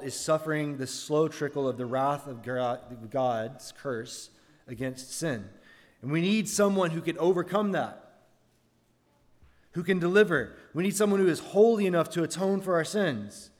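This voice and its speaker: A man's voice: on the high side, moderate pace. Man preaching in a reverberant hall. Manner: earnest preaching, rhetorical questions to the congregation. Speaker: pastor. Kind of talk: sermon.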